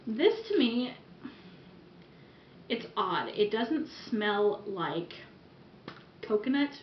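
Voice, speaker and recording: A chatty woman rambles through a casual product review, breaking off now and then for giggly asides. Her voice sits at an ordinary middle pitch. The sound is dull and roomy, like a camera's built-in mic picking her up at home. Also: a little hiss or hum. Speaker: vlogger reviewing wax melts. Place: room at home.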